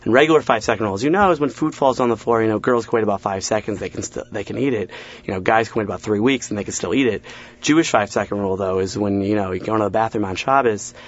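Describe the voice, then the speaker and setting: A man's voice: on the low side, very fast. A young man, a comedian guest in a casual interview, rattling off stand-up jokes with acted-out asides and self-deprecating laughs. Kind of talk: casual interview chat, telling stand-up bits. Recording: dull lo-fi sound.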